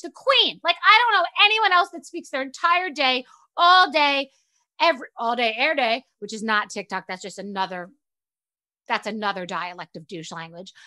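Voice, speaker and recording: A woman hosting a show, talking in a casual, animated, profane rant that mocks herself. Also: high voice. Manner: animated, profane, self-mocking. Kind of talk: casual ranty monologue.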